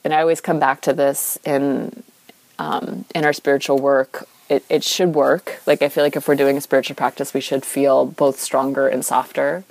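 A woman's voice: a bass voice, level tone, normal speed, gravelly, darkish tone, dry recording, poor audio. A young woman talking informally about yoga and spiritual practice, with many fillers and restarts. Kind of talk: reflective spiritual monologue.

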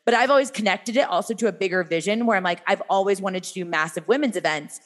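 Upbeat motivational woman, podcast guest. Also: medium pitch. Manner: energetic, motivational, fast with many fillers. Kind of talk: casual podcast conversation.

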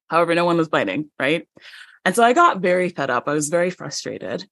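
Lively lower-voiced woman telling a story. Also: normal speed, gravelly, no room sound. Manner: animated, acts out dialogue in stories, frequent restarts and light laughs. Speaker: guest; published writer. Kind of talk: conversational podcast storytelling.

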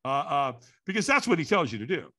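A man telling a story as a podcast guest, animated and acting out quotes with sudden shouts. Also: on the high side, brisk.

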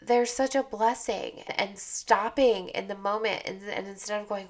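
Chatty woman podcaster with a gravelly edge. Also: medium pitch, fairly even intonation, normal speed, hardly any pauses. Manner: candid, chatty, repeats phrases for emphasis. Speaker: podcast host. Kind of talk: casual motivational monologue.

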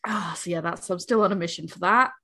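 A woman co-hosting a podcast, chatting casually and acting out quotes as she tells animated stories. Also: fairly low pitch, fast talker. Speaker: podcast co-host. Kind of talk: casual chat.

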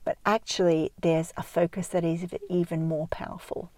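Casting: middle-aged woman, lowish voice, parenting coach, calm and measured, dry close sound. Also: no room sound. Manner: calm, measured, frequent ums and pauses. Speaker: parenting educator. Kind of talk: podcast-style advice talk.

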